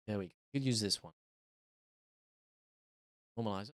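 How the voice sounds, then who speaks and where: A man's voice: on the low side, moderate pace, a bit bright, no echo. A man casually talking to himself during a live stream as he works on a music track, thinking aloud about edits. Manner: musing aloud while editing a track. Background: music playback.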